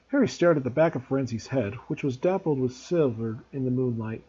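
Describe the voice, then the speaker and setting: A man, a teacher, reading a novel aloud for his students in an expressive storytelling way, on a dull lo-fi recording. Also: medium pitch, brisk, few pauses, breathy edge.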